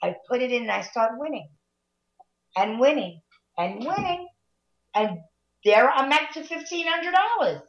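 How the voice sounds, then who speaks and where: A woman's voice: sits high, animated, measured pace, long pauses, highs cut off. A woman chatting casually, agreeing eagerly and chiming in with her own stories. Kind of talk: casual chat.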